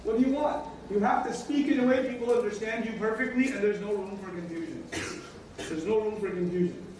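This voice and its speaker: A man with a high voice delivers a religious lecture, stressing his points by repeating them and slipping into short acted-out exchanges. He sounds far from the mic, in a very echoey room with a faint hiss behind him. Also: a little mellow. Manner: emphatic, repeats key lines, acts out everyday dialogues. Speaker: Islamic teacher.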